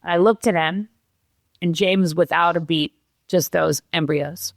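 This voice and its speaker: A middle-aged woman telling her own story as a podcast guest, animated and acting out the lines of other people, tearful at moments. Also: on the low side, unhurried, creaky, no room sound. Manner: animated, acts out quotes, laughs while telling. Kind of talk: emotional personal storytelling.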